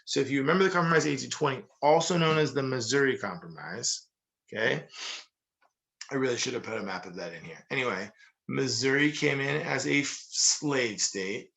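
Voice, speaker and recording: A young man teaching a history lesson in a casual, jokey way, full of asides and quick analogies. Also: mid-range voice, gravelly, a bit bright, rough recording. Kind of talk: casual recorded history lecture.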